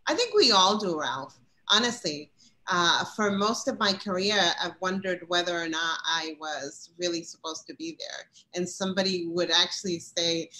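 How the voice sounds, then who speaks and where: A woman hosting a webinar over a video call, chatty and quick to laugh. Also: lowish voice, pushed and bright, low-quality recording. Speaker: webinar host. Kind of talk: webinar conversation.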